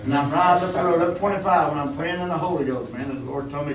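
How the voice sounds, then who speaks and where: A man's voice: a little high, fast talker, hardly any pauses, recorded from a distance, background noise. A man preaching a folksy sermon, calling out for amens from the congregation. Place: church. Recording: echoey church room, mic from afar.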